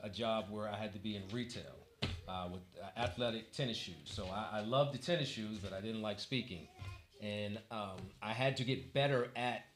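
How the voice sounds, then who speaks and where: A man from Washington, D.C., a Toastmasters club president, giving a motivational speech in a church hall with humorous stories and a preacher-like close. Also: on the low side. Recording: echoey hall with faint noise.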